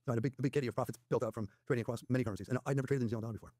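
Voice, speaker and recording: A man as the guest trader in an interview, telling stories quickly and quoting other people's dialogue as he goes. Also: mid-range voice, a little mellow, no room sound, studio quality. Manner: rapid anecdotal retelling with quoted dialogue. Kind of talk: interview storytelling.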